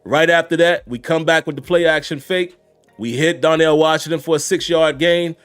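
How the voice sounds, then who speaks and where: A man's voice: a little high, normal speed, a bit bright, clean tone, faint music behind. Casual man reacting to a football game. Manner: conversational, addresses viewers as y'all and guys. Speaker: sports commentator host.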